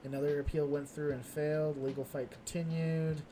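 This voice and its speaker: A man's voice: on the high side, little pitch movement, moderate pace, noisy background. A man co-hosting a casual news podcast, rambling through stories with lots of fillers and restarts. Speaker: podcast co-host.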